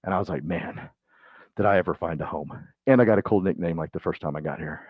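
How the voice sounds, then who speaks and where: A man gives a motivational training talk to real estate agents, his low voice swinging between shouted bursts and hushed asides like a preacher. He talks in a folksy, excitable way. The recording sounds dull and muffled, with a dry, close sound. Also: quick pace, breathy edge, dry recording.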